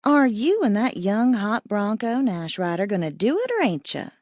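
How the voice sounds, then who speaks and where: A woman's voice: mid-range voice, big pitch swings, normal speed, darkish tone, no echo, studio quality. A woman voicing a blunt, feisty elderly woman who talks in a folksy way. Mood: teasing. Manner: folksy, plain-spoken.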